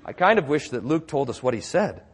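A man's voice: medium pitch, big pitch swings, a little fast, slightly rough, in a large hall. A man preaching a sermon in a church, telling the story with drama and building to emphatic declarations. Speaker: pastor.

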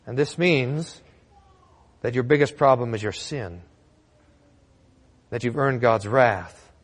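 A man pastor preaching a sermon with emphatic, slowly stressed phrases. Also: medium pitch. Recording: church hall reverb.

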